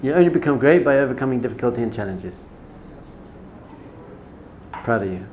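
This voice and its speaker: A rabbi giving an informal Torah lesson, talking conversationally, repeating words for emphasis and telling personal stories. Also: male voice, mid-range voice, animated, a little fast, lo-fi sound, a little hiss or hum. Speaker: rabbi teaching a class.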